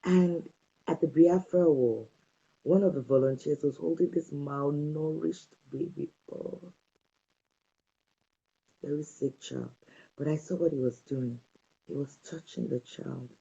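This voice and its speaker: A woman's voice: low voice, a little slow, vocal fry, long pauses, mellow, slightly rough, highs cut off. A woman gives a parenting talk straight to her listeners, emphatic and repeating her advice as short commands. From Nigeria. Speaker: parenting speaker. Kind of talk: direct-to-camera parenting talk.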